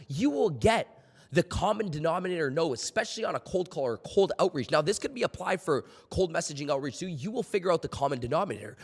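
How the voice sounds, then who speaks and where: A man delivering a punchy sales coaching talk, his pitch sitting a little high and swinging widely as he hammers home each point. He repeats himself for emphasis and drops the odd curse, heard through a long hall reverb. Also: slightly rough. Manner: emphatic, repeats key points, swears casually.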